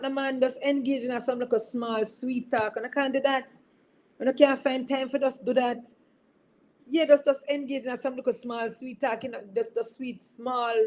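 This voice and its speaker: A woman's voice: a little high, darkish tone. A woman giving an informal sermon on marriage, teasing listeners by name and often asking whether they understand. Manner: conversational, teasing audience members by name, frequent tag questions. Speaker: bishop. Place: online service broadcast.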